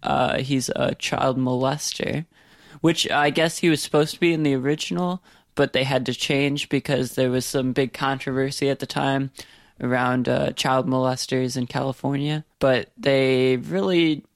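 A man's voice: mid-range voice, steady tone, normal speed, vocal fry, no echo, studio quality. A man co-hosting a podcast, critically discussing a horror film in casual chat. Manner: critical, conversational. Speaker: podcast co-host.

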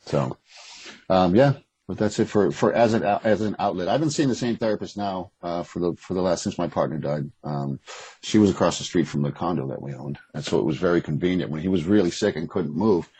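Middle-aged man, deep husky voice, quick blunt delivery, interview guest. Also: warm tone, rough recording. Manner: candid, blunt, rambling with restarts. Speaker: guest, author. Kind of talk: casual interview conversation.

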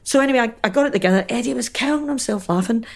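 Middle-aged Scottish woman, animated storyteller on a video call. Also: a little high, racing, gravelly. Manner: animated storyteller, doing voices. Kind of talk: casual chat.

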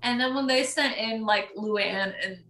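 A young woman co-hosts a casual podcast recapping a reality show, animated and laughing often as she acts out quotes. Her voice is on the high side and her pace is measured.

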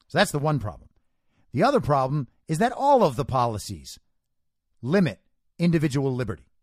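A man's voice: medium pitch, dry recording, clean studio sound. A man hosting a podcast, giving an opinionated political commentary monologue. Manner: opinionated, emphatic. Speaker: podcast host.

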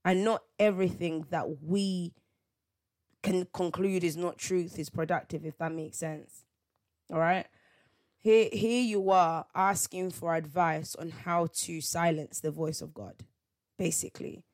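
Woman, lowish voice, reflective solo podcast host who talks things through with rhetorical questions. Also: steady tone, measured pace, a little mellow. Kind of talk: solo faith podcast monologue.

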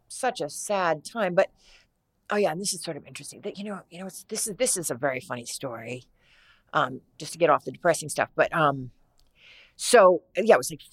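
Low, gravelly woman telling a story. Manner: rambling, halting, many restarts. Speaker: actress guest. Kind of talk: casual storytelling interview.

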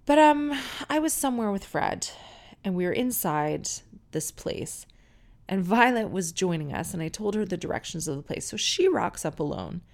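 A woman's voice: medium pitch, vocal fry, darkish tone. A middle-aged woman hosting a podcast, telling stories in a frank, chatty way and swearing casually. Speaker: podcast host. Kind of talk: casual solo podcast monologue.

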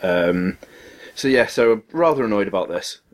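A man's voice: on the low side, animated, normal speed. A man co-hosting a podcast, ranting through a long story in casual chat and swearing freely. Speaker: podcast co-host.

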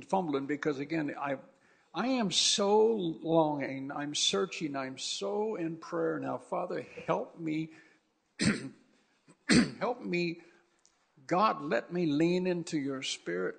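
A man with a fairly high, creaky voice delivers a sermon as pastor before his congregation in church. He is fervent and exhorting, leaning on repeated phrases for emphasis.

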